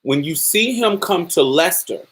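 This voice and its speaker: A woman's voice: fairly low pitch, expressive, a little slow, slightly rough. A woman podcast host giving casual film commentary, emphatic and profane, acting out the characters' lines as she talks.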